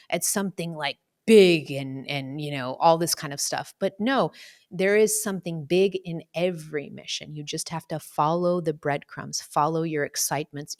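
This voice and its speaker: A woman speaking casually about spiritual purpose, chatty and full of fillers, sometimes acting out other voices. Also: on the low side. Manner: chatty, many fillers, acts out quoted voices. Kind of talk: casual reflective talk.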